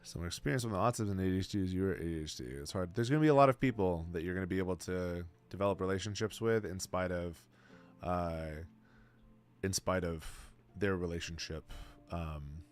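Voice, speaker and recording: A man's voice: low-pitched, brisk, smooth, soft background music. A man in his twenties, streaming and answering chat in casual, blunt talk full of bro and man. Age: 20s. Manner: blunt, slangy, calls everyone bro and man.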